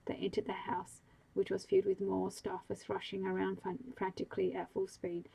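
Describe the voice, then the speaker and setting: A woman narrating a bedtime audiobook in a calm, even voice. The sound is husky and gravelly, and the melody stays flat throughout. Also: mid-range voice, moderate pace, poor audio. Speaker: sleep story narrator.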